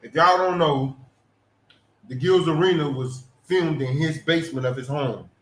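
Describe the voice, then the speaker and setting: A man co-hosting, giving relaxed casual commentary and chiming in. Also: on the high side, measured pace. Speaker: co-host. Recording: echoey room, faint noise.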